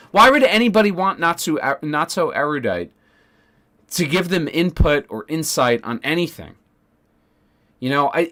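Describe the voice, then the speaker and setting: A man's voice: a little high, a bit bright. A man streaming casually, ranting sarcastically with lots of swearing, fillers and restarts. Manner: profane, sarcastic, rambling with many fillers.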